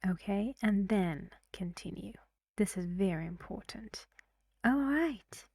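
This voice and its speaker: A woman's voice: medium pitch, lively intonation, slow, darkish tone, dry recording, studio quality. A woman who is a native Persian speaker, teaching English pronunciation in a recorded lesson, explaining carefully and often asking the learner questions.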